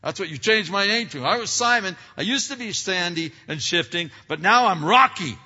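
A boastful, eager disciple brags in a raised, excited voice as a preacher puts him on. The tone is bright and forceful. It rings with long hall reverb on a dull recording. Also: male voice, high-pitched, normal speed, pitched above the performer's own voice, heavily acted. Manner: loud, excited bragging.

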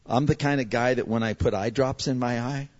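A man's voice: medium pitch, steady tone, fairly quick, a little mellow, dull audio. A middle-aged man, a pastor, telling a chatty, self-mocking story to his congregation and acting out the voices of others. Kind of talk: casual storytelling from the pulpit.

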